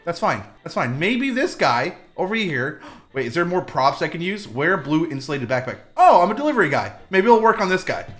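A young man hosting a gameplay video, goofy and hyper, with sudden loud bursts and fast asides. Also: high-pitched, big pitch swings, soft background music. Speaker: gaming video host. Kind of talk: gameplay commentary.

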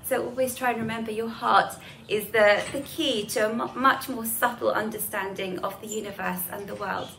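A woman's voice: a little high, steady tone, moderate pace, gravelly, fairly bright tone, slight background noise. A woman giving a talk on Hinduism to students, explaining ideas in a conversational way and telling stories with casual asides. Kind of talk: spoken moral lesson with storytelling.

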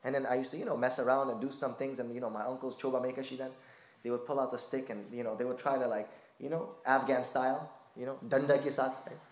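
A man's voice: medium pitch, steady tone, quick pace. Male preacher, impassioned storyteller; echoey lecture room. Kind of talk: sermon.

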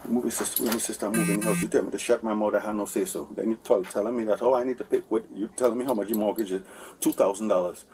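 Captured from afar on a police body camera with faint background noise, a man in his forties rambles at officers in a heated talk. His fairly low, slightly mellow voice races along in a steady tone as he repeats himself and looks for agreement.

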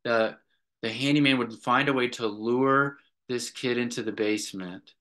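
Middle-aged guy therapist telling a session story, bright clear tone, keeps tagging "right?". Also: mid-range voice, moderate pace. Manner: earnest storytelling, often tags "right?". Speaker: clinical director and therapist. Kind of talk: recounting a therapy session to a group.

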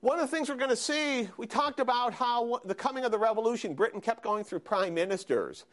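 A man lecturing a university history class, animated and questioning his students. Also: very high-pitched, a little fast. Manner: animated, asks students questions, frequent "okay?". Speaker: history professor.

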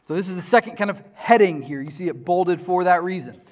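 A man's voice: high-pitched, lively intonation, brisk, darkish tone. A man lecturing a class on church history in a conversational way, often asking the students questions.

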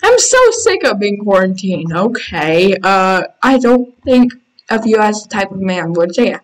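A woman hosting a gaming channel, giving excitable casual commentary while playing and reading game text aloud, squealing when panicked. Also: medium pitch, unhurried, poor audio. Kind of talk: casual let's-play commentary.

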